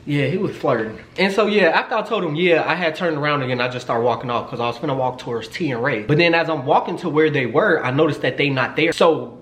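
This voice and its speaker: A man's voice: a little high, fast talker, hardly any pauses. Chatty young man in an echoey room. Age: 20s. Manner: chatty and animated, swears a lot, jokes and teases. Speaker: vlogger. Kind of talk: casual storytime. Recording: roomy echo, faint noise.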